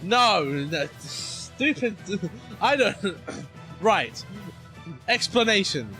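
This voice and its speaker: A man's voice: high voice, drawn-out words, soft background music. A young British man with a London accent, chatting and laughing as he comments on a video game. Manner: chatty, laughs often, excitable outbursts. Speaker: streamer. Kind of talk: gameplay commentary. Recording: game audio underneath.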